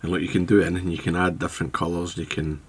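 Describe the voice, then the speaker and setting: A man giving a casual step-by-step fly tying demonstration, relaxed and thinking aloud as he works with his hands. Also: deep voice, rapid-fire, slight background noise.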